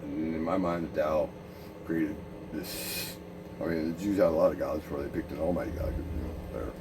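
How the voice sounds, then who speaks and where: A man's voice: very deep voice, recorded from a distance, noisy background. A man speaking a profane, meandering monologue, full of restarts, jumping between ideas. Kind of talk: rambling monologue.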